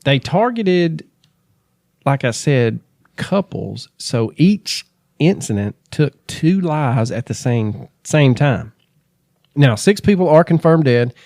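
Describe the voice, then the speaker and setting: A man's voice: on the high side, lively intonation, takes it slowly, a little mellow, no echo, clean studio sound. A man co-hosting a true crime podcast, chatting casually and reading out case notes. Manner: laid-back, joking, reads case notes. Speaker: podcast co-host.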